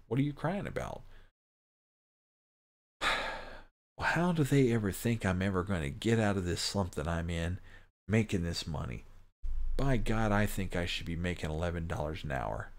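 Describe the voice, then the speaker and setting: A man's voice: deep voice, gravelly. A man hosting a livestream, chatting casually with viewers and ranting bluntly about pay. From United States. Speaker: livestream host. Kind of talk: casual chat to live viewers.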